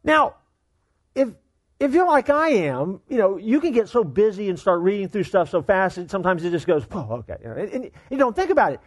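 A male pastor with a notably high speaking voice delivers a sermon in a church service. He talks with emphasis and often repeats words as he builds toward a point. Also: sing-song, a little fast. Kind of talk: sermon with prayer.

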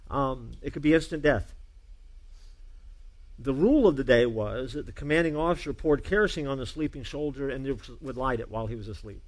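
A male pastor preaching a sermon to a congregation, earnest, urging loudly at times and dropping to a hushed emphasis. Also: medium pitch, a little fast.

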